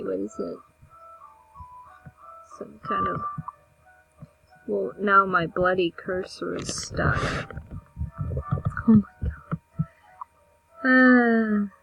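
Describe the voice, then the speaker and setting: Slow-talking young woman narrating gameplay. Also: a little high, breathy edge, highs cut off. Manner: chatty, self-mocking, drops into whispers. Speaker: gameplay video maker. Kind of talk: casual gameplay commentary.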